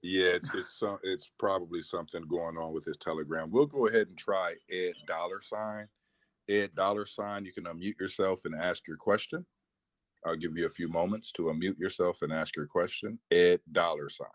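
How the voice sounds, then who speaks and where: Deep-voiced man hosting an online Q&A. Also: normal speed, dry recording. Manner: upbeat, calling on participants. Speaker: host of the Q&A session. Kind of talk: moderating a live online Q&A.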